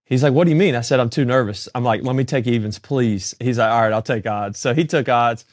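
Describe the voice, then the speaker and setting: A man's voice: mid-range voice, fairly quick, no room sound. Man acting out an anecdote, dry close sound. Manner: animated anecdote-telling, acting out dialogue. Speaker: podcast co-host. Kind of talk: casual storytelling chat.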